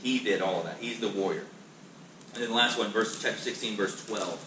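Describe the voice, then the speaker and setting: A man's voice: fairly low pitch, fairly quick. A male pastor teaching a Bible class in a conversational, emphatic way, often restarting and repeating words. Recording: echoey room, distant mic, noisy.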